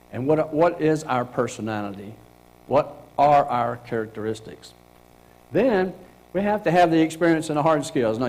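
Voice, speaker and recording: A man's voice: medium pitch, darkish tone, low-quality recording. A middle-aged man presenting a career workshop to a group in a meeting room, speaking casually and acting out example lines with a laugh.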